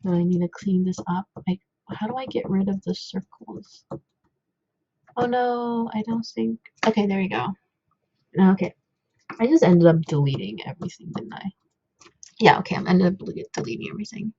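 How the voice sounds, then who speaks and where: A woman's voice: medium pitch, normal speed, creaky, a little mellow, husky, no room sound, lo-fi sound. A young woman at home casually talking through a coding problem, rambling with lots of fillers and self-deprecating asides. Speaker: coding tutor.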